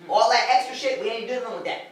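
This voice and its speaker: Very high-pitched and quick, a street lecturer holds forth to a small group, blunt and profane, stressing his words and often cracking himself up. A far-off mic picks him up in an echoey space where the crowd is audible.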